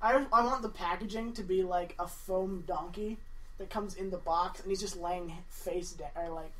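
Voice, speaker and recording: A woman's voice: fairly low pitch, normal speed, fairly bright tone, distant mic, rough recording. A woman co-hosting a podcast in casual group chat, rambling through jokes with giggles. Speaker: podcast co-host.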